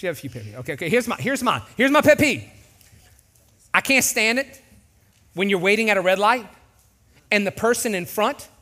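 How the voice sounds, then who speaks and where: Animated, bright-voiced preacher man. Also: high-pitched. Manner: animated, jokey, acts out voices. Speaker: pastor. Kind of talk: sermon.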